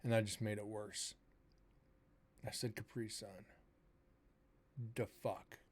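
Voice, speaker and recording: A man's voice: fairly low pitch, slow. A man in his forties hosting a live-streamed paranormal show, chatting casually and rambling with self-mocking asides to his viewers. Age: 40s. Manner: rambling, self-mocking, talks to chat directly. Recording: steady background noise.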